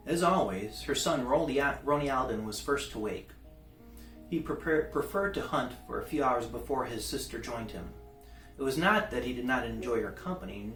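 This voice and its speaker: Man reading a novel in a roomy space. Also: mid-range voice. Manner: relaxed, with small restarts. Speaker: reader. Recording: roomy, distant mic, faint guitar music.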